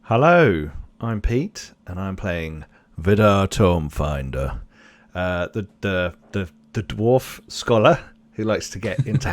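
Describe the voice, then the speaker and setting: Low-voiced man with dry humour. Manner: dry, wry jokes. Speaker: player. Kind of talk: casual chat.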